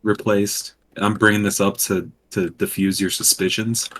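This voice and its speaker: A man with a fairly low voice makes dry, joking asides while co-hosting a relaxed podcast chat. A faint hiss of background noise sits under his voice. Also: normal speed. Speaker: podcast co-host. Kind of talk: casual chat.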